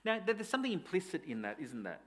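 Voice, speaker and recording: A man's voice: high voice, wildly swooping pitch, fast talker. A man, a pastor preaching a sermon in a conversational way, asking rhetorical questions.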